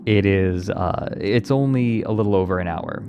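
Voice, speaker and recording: Male livestreamer, deeper register, loose playful chat with viewers, light faint noise underneath. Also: normal speed. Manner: playful, rambling, answering chat. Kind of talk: casual chat with stream viewers.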